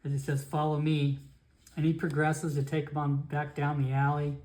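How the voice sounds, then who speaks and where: Solo tabletop game narrator, casual, rambling, self-correcting, middle pitch. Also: little pitch movement, brisk, a little mellow.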